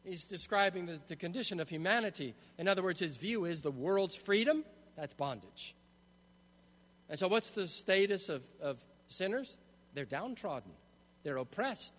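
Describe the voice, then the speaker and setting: A man delivers an expository sermon in a high, bright voice, pressing his points with emphasis and often restarting phrases. His voice rings out with long reverb from a large hall. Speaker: preacher.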